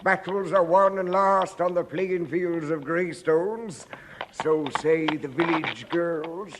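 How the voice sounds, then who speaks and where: A man playing a deferential, gossipy chauffeur in a 1950s radio comedy, talking to a young boy. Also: fairly high pitch. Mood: chatty. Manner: slow, chatty, deferential. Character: slow, gossipy male family chauffeur. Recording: crackly old radio broadcast recording.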